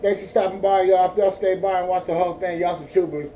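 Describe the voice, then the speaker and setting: A man's voice: sits high, fairly even intonation, fast, dark tone. A man from Northern California's Central Valley, stoned, telling a profane, rambling story in a laid-back vlog. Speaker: vlogger. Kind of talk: casual storytelling. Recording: distant mic, faint background noise.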